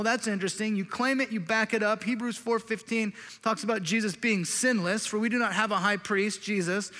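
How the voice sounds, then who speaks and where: A man preaching a sermon in a lively, conversational way, with playful asides to the congregation. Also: high voice. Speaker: pastor. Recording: reverberant hall.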